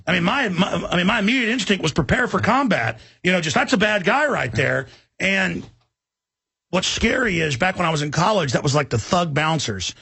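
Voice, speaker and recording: A man's voice: high-pitched, expressive, normal speed, vocal fry, bright, forceful tone, slightly rough, no echo. A man hosting a talk radio show, talking intensely in a rambling way with many restarts. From Texas.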